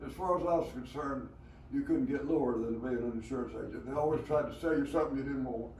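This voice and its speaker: A man's voice: mid-range voice, a little mellow. Elderly Southern man telling old stories. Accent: Southern American. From rural Alabama. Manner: rambling storyteller, many hesitations and chuckles. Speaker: veteran being interviewed. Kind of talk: storytelling interview. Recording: roomy, from a distance, faint background noise.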